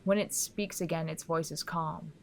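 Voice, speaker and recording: A woman reads scripted horror narration. Her voice sits a little low, and she speaks in a quiet, measured storytelling manner. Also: steady tone, creaky, big-room sound, a little hiss or hum.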